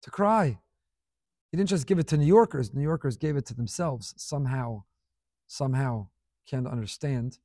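A middle-aged man preaching a sermon as a rabbi, passionate, with big swings between quiet and loud. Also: medium pitch, moderate pace, no echo, studio quality. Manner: impassioned, dramatic swings in volume.

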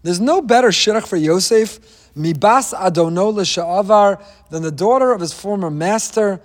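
At normal speed, a man with a high-pitched voice teaches a weekly Torah lesson laced with wry jokes and asides, his voice echoing with the long reverb of a large hall.

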